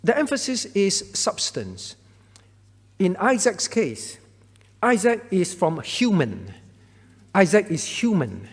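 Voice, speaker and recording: A man's voice: high voice, big-room sound. A man, a pastor, explaining a Bible question to a congregation, often checking in with "all right?". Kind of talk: Bible Q&A teaching.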